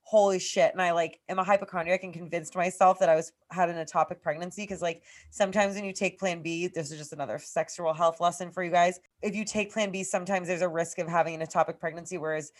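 A woman's voice: on the low side, fairly even intonation, quick pace, hardly any pauses. A woman in her thirties from Massachusetts, co-hosting a podcast and telling a long personal story in casual, profane speech full of "like". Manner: profane, rambling, heavy use of "like". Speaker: podcast co-host.

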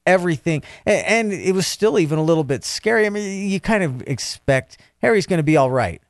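A man co-hosting a casual book discussion podcast, talking in halting bursts with frequent restarts. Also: high-pitched, lively intonation, no room sound, studio quality. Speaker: podcast co-host.

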